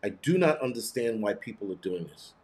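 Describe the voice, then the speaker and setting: A man's voice: lowish voice, animated, brisk, darkish tone. A man hosting a casual live commentary, blunt and profane, rambling with many restarts. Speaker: host.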